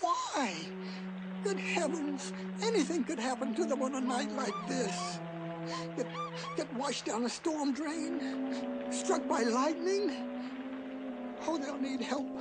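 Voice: high voice, animated, slow pace, long pauses. A performer voicing a small, kindly, fussy mouse in a fan dub, rattling off worries. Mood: alarmed. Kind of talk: fan dub of an animated film. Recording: loud music over distant voice.

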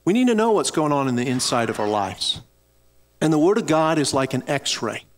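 A man's voice: a little high, sing-song, moderate pace, slight background noise. A middle-aged man preaching a sermon, telling a personal story in an earnest way and speaking directly to his congregation. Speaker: pastor.

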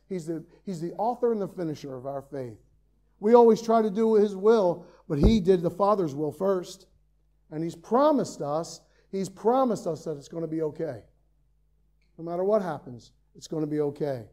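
High-voiced, mellow preacher at the pulpit. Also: male voice, lively intonation, moderate pace. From Ireland. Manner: rises to loud emphatic peaks, then drops to quiet earnest asides. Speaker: pastor. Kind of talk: sermon. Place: church sanctuary, preaching from the pulpit.

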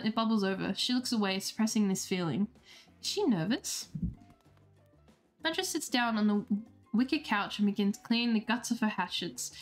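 A woman streamer reading a dating game aloud, playful and laughing, with self-deprecating asides. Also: medium pitch.

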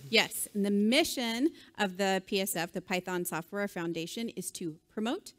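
A woman's voice: mid-range voice, moderate pace, a bit bright, a little hiss or hum. A woman co-presenting a conference keynote, upbeat and encouraging, bantering with her partner. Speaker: keynote co-speaker. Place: conference stage.

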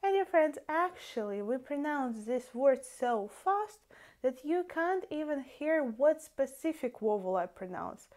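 Slow, high-voiced Russian-accented woman teaching. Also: big pitch swings, darkish tone. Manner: addresses viewers as dear friends, slow careful demonstration of word endings. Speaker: language teacher. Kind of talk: language lesson.

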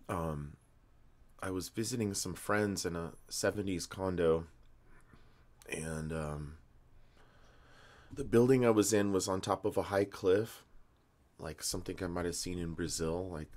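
A man's voice: low-pitched, measured pace, long pauses, a little mellow. A man in his fifties, just woken up and a bit medicated, rambling through a story with many ums and slightly slurred words. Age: 50s. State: groggy and medicated, just woke up. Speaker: vlogger. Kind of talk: rambling casual monologue.

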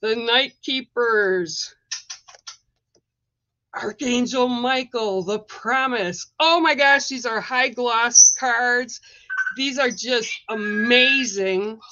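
A woman artist unboxing her new card deck in a vlog, gushing with excitement, repeating herself and letting out squeals and whoops. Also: on the high side, extremely slow, dry recording, dull audio.

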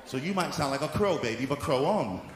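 A male apostle preaching a sermon, moving from soft teaching into shouted exhortation. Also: on the high side, animated, a little fast. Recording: echoey hall with faint room noise.

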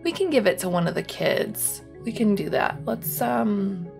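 A woman's voice: medium pitch, big pitch swings, a little slow, vocal fry, darkish tone, soft background music. A young woman giving rambling, casual commentary on her own gameplay, full of ums and likes. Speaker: gaming YouTuber.

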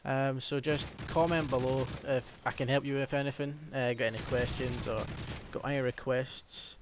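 A man's voice: medium pitch, fairly even intonation, normal speed, background noise. A young man with a Scottish accent giving casual, rambling gameplay commentary, full of ums and hesitations. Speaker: gaming commentator.

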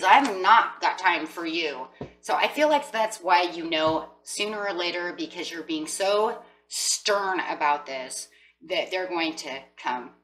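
A tarot reader with a lowish, fairly bright voice gives a chatty reading, acting out what people might say with emphasis. The low-quality recording has a distant mic and slight background noise.

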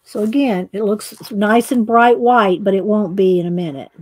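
A woman's voice: mid-range voice, normal speed, a little mellow. A woman hosting a coloring livestream, chatting casually and murmuring to herself as she works.

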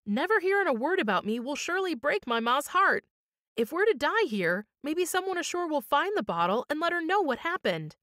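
A woman's voice: a little high, sing-song, moderate pace, few pauses, fairly bright tone, no room sound, clean studio sound. A woman playing Christie, an earnest lad. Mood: pleading. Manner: pleading, urgent. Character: earnest young Irish lad.

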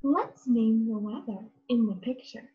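A woman with a North American accent teaching English to young learners, with encouraging, drawn-out words and frequent praise. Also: on the high side, lively intonation, narrow, tinny audio. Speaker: ESL teacher.

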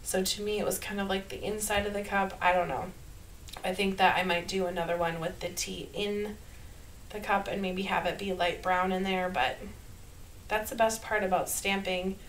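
A woman with a Minnesota accent, talking through a card-making tutorial in a chatty, upbeat way and laughing softly at herself. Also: medium pitch, a little hiss or hum, poor audio. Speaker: card-making channel host. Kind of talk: casual craft tutorial voice-over.

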